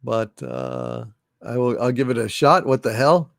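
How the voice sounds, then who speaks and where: A man's voice: medium pitch, wildly swooping pitch, a little slow, vocal fry, no room sound, studio quality. A man hosting a comedy livestream, reading out viewer messages in a hesitant, apologetic way. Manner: hesitant, apologetic, many fillers. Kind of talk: casual livestream chat.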